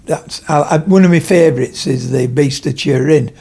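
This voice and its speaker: An older retired man with a Yorkshire accent, chatting as a podcast guest and telling stories with lively quoted voices. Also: fairly high pitch, normal speed, vocal fry, slightly rough. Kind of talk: casual chat.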